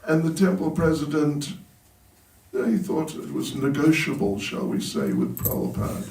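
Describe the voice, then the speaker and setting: Monk giving a sermon with funny stories, chuckles a lot, voice a bit high, echoey hall. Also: male voice, wildly swooping pitch, normal speed, vocal fry, a little mellow. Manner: humorous, chuckles at his own jokes. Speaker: monk giving a talk at a temple. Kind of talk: storytelling sermon. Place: temple hall. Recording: roomy hall, voice from a distance.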